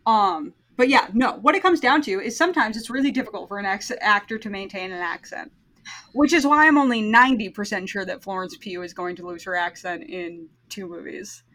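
A woman's voice: mid-range voice, a little fast, fairly bright tone, poor audio. A woman hosting a podcast, recapping a film in casual chat, blunt and opinionated and swearing freely. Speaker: podcast host.

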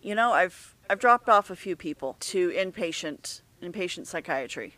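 A middle-aged woman talking openly and earnestly in a candid conversation, often halting and restarting her sentences. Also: on the low side, expressive, fairly bright tone, no room sound.

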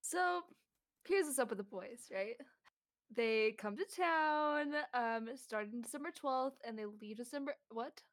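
Woman, podcast co-host, somewhat high voice, casual and jokey, laughs a lot. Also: measured pace. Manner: giggly, swears freely, jokey asides. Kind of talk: casual chat.

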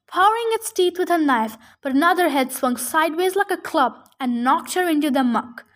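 A woman reading a novel chapter aloud for her podcast, eager and a little halting with restarts. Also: sits high, expressive, fairly bright tone.

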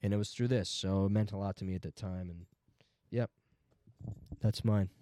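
A man's voice: low-pitched, steady tone, normal speed, dark tone, a little hiss or hum. A man in his twenties, co-hosting a podcast, telling a loose, profane story full of filler words. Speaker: podcast co-host. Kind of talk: casual chat.

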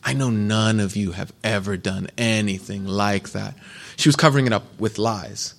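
A man's voice: fairly low pitch, moderate pace, vocal fry, a bit bright. A middle-aged man, a pastor, preaching a sermon in a casual, storytelling way, mixing scripture with personal anecdotes and humor.

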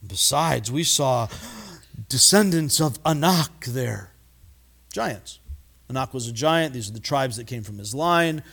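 A man preaching a sermon, animated and acting out voices, often stumbling and repeating words. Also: medium pitch, measured pace, gravelly. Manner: animated, acts out voices in quotes. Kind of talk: expository sermon.

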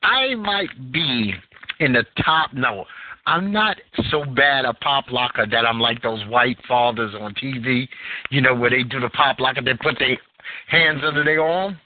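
Animated man on a tinny phone line. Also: a little hiss or hum. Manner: animated, profane storytelling with wide pitch swings. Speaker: podcast host. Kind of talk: casual chat.

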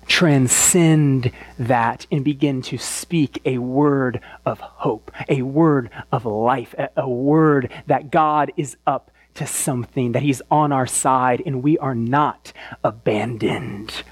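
A man's voice: a little high, no echo. A man giving a sermon as pastor, in a casual, emphatic style with slangy asides.

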